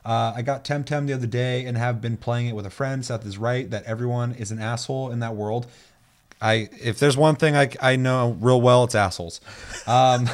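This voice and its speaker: A young man hosting a podcast in casual chat, reading out listener comments, loose and profane, laughing easily. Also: medium pitch. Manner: loose and profane, laughs often, animated when telling stories. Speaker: podcast host.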